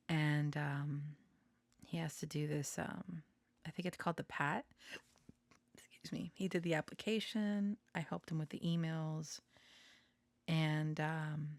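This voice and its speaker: A young woman with a low voice hosts a casual, rambling podcast chat, laughing often and sometimes dropping to a whisper. There's no room sound on the recording.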